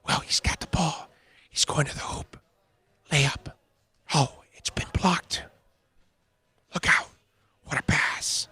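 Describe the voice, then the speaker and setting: A man doing a hushed golf-style announcer. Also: on the high side, steady tone, takes it slowly, pauses often, slightly rough, no echo, pitched below the performer's own voice, exaggerated voice. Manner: hushed, near-whispered play-by-play. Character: hushed male basketball announcer murmuring like golf.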